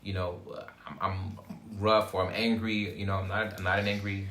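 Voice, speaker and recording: A man co-hosting a casual conversation, speaking seriously and thoughtfully, with dry humor in between. His voice sits fairly low but has a bright edge, and the room gives it a noticeable echo. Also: little pitch movement, normal speed, a little hiss or hum. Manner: serious, thoughtful, joking dryly. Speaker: co-host. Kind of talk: casual chat.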